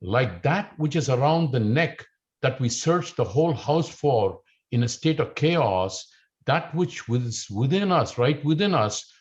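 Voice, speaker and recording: A man delivers a spiritual lecture in a measured, reflective way. His voice sits in a middle pitch, and the recording sounds dull and lo-fi. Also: lively intonation. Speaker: spiritual teacher.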